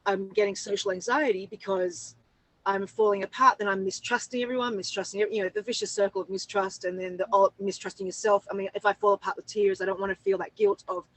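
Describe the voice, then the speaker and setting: A woman hosting a casual talk show, speaking haltingly, with many restarts and broken-off words. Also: medium pitch, sing-song, vocal fry, no echo, rough recording. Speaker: host. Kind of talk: emotional casual discussion.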